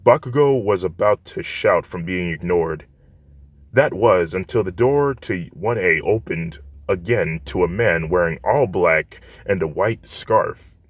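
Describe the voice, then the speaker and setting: A man narrating a fan story in a plain, steady reading voice. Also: deep voice, a little slow, no echo.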